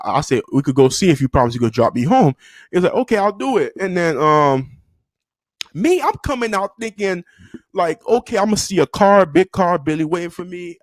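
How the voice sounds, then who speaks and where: A young man with a fairly high voice tells a story to camera, rambling through fillers and restarts in loose slang. He jumps up high and loud whenever he acts out what people said, and the sound is close and dry. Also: dry recording. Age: young adult. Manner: animated, acts out quotes with sudden high-pitched yelps. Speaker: vlogger telling a story. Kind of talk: casual storytime.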